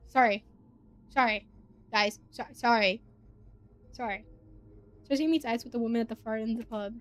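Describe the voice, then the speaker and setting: Giggly, excitable woman streamer. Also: on the high side, moderate pace, pauses often. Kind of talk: reading a visual novel aloud.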